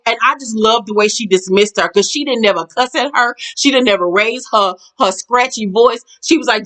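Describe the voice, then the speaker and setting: Woman, gossipy recap, slangy and profane, laughs a lot, fairly high voice. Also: normal speed. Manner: animated, laughing, acts out quotes in a higher pitch; slangy and profane, says child and girl. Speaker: reality TV recap vlogger.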